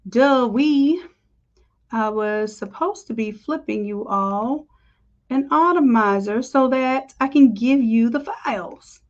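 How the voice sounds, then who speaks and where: A woman's voice: a little high, takes it slowly, muffled recording. A woman teaching design on a live screen-share tutorial, talking in a chatty, upbeat way and calling her viewers y'all. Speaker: design instructor.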